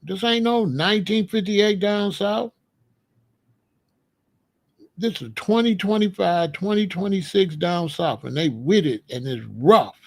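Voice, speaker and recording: A man's voice: high-pitched, a little slow, gravelly. A man giving a blunt, streetwise commentary monologue, repeating his points. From Chicago. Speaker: commentary host.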